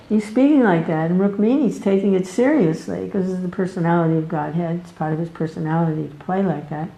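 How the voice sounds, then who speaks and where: A woman giving a devotional scripture class, telling the stories in an animated way, laughing often and jumping up in pitch. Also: fairly quick, vocal fry, few pauses, reverberant, highs cut off.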